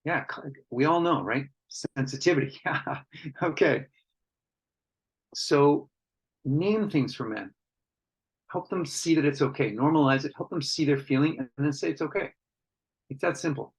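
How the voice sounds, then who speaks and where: A man's voice: on the high side, normal speed, long pauses, slightly rough, poor audio. A man facilitating an online workshop, reading out participants' comments and reflecting on them in an earnest, conversational way, with frequent restarts.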